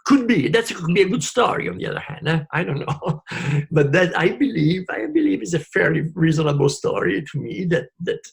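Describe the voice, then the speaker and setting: A man's voice: on the high side, big pitch swings, fairly quick, gravelly, slightly rough. A man, a guest in a spiritual conversation, speaking emphatically and repeating his phrases.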